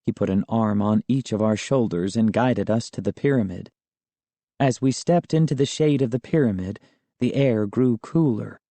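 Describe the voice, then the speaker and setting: A man reading a children's storybook aloud as first-person narration, with calm, measured storytelling. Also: fairly low pitch, no echo. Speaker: audiobook narrator.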